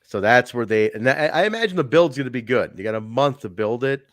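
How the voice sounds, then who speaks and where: A man co-hosting a casual podcast chat, animated, swearing and laughing often. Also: mid-range voice, brisk, no room sound. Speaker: podcast co-host. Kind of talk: casual chat reviewing wrestling.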